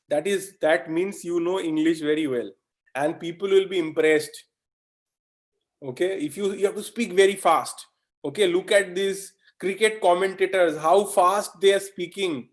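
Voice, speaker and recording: A man from India teaching a live online lecture in a conversational way, often checking in with "okay?" and asking the audience questions. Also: on the high side. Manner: animated, mimics fast talkers in asides. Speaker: webinar instructor.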